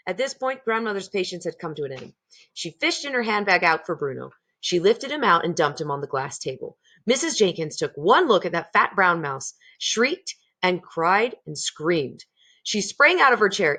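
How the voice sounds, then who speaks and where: A woman reading a children's chapter book aloud in an expressive, animated way. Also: lowish voice, normal speed. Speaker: reader. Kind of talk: audiobook reading.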